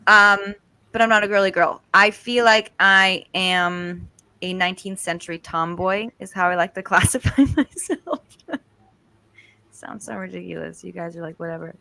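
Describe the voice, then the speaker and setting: A woman's voice: on the low side, fairly even intonation, normal speed, creaky, pushed and bright, no echo. Woman, chatty, laughs often, interview guest, dry recording. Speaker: guest, author. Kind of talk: casual interview chat.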